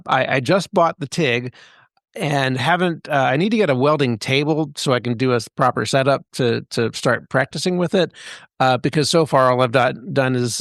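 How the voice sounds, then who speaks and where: A man co-hosting a podcast who talks in a halting, rambling way with many fillers. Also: medium pitch, a bit bright, no room sound, studio quality. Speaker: podcast co-host. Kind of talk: casual chat.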